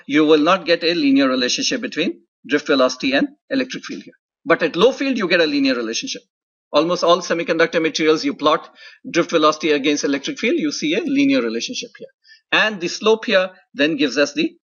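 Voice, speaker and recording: A man's voice: fairly high pitch, fairly bright tone, lo-fi sound. A man giving a university lecture, explaining step by step and checking in with frequent "right?" and "okay?". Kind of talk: classroom lecture.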